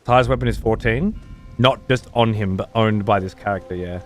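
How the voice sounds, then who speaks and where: A man's voice: on the low side, moderate pace, faint music behind. A man streaming a video game, commenting on play and ranting at his chat with heavy profanity. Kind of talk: live gameplay commentary.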